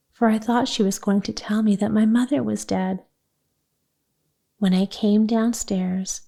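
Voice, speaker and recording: A woman reading an audiobook, voicing an excitable little girl who gushes breathlessly. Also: medium pitch. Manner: breathless, gushing storyteller. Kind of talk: audiobook character voice.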